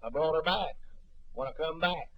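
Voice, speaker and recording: Older preacher with folksy delivery. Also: male voice, a little high, moderate pace, no room sound, low-quality recording. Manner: folksy storytelling preaching, acting out voices with sudden shouts. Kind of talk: sermon.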